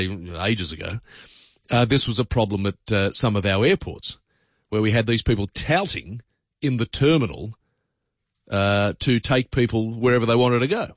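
Australian man, talkback radio host, rambling and opinionated, lowish voice, dry, dull lo-fi broadcast sound. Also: no echo. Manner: conversational, opinionated, rambling with many fillers.

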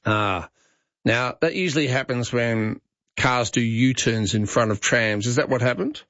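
A man's voice: mid-range voice, measured pace, fairly bright tone, dry recording. A man with an Australian accent hosting talkback radio, chatting in an opinionated, conversational way with fillers and restarts. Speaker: radio host. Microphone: studio microphone. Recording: slightly dull broadcast audio, dry.

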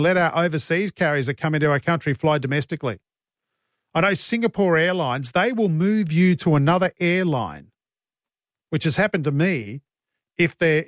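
A man's voice: a little high, no echo. An Australian man hosting a talkback radio show in a studio, chatty, joking and blunt. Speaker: radio host. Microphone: studio mic.

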